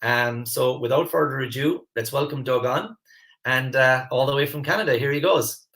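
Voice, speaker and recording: A man hosting a live online masterclass as a mentor, earnest and animated, often repeating words as he starts a phrase. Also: mid-range voice, normal speed. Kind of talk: live online coaching class.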